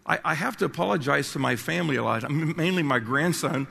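Brief: older man, passionate pulpit preacher, gravelly voice, long hall reverb. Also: on the high side, quick pace, pushed and bright. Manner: passionate, emphatic preaching with restarts. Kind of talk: sermon.

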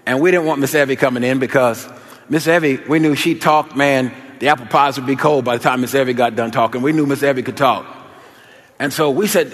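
A man preaching a sermon, telling a childhood story in an animated, folksy way before listing scripture references. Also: medium pitch, normal speed. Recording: long hall reverb.

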